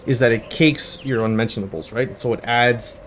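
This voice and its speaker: A young man in his twenties, a gaming channel host, telling a rambling, jokey story in a casual way, with sudden loud bursts. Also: mid-range voice, moderate pace, slight background noise. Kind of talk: casual storytelling over gameplay. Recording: faint background music.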